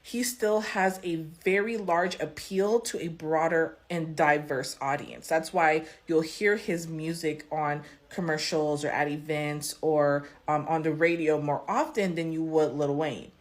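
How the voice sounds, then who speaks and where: A woman's voice: low-pitched, steady tone, measured pace, few pauses. A woman talking casually to her viewers, giving her opinion and asking them questions. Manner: conversational, asks viewers questions. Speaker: commentator.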